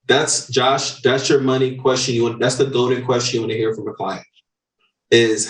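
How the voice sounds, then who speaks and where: Excitable man talking in a roomy echo. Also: mid-range voice, moderate pace. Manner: excitable, profane, animated. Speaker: podcast host. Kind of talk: casual coaching chat. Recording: roomy echo, distant from mic.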